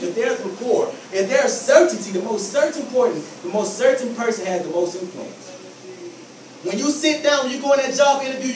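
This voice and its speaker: A man's voice: very high voice, reverberant, distant mic, a little hiss or hum, poor audio. A man giving an emphatic motivational talk to students, repeating key phrases and acting out scenes. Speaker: motivational speaker.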